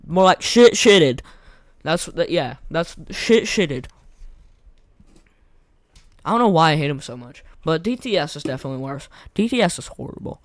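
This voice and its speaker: A young man talks through a boss fight in loose, slangy, rambling commentary, his voice hoarse and fraying. His pitch sits a little high for a man, and the recording is dry and close with no room sound. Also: lively intonation, normal speed, no echo. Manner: rambling, slangy, repeats himself. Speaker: gaming content creator. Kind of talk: casual gameplay commentary.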